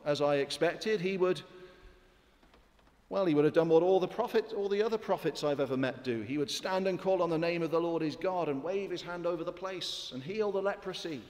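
A man's voice: fairly high pitch, darkish tone, natural voice. A man preaching voices a proud foreign general, self-important and smug, speaking in a reverberant hall.

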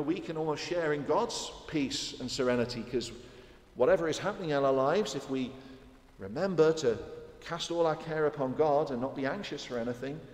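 A man's voice: a little high, darkish tone. A man preaching a sermon in an earnest, repetitive way, putting direct questions to his listeners. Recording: echoey hall reverb.

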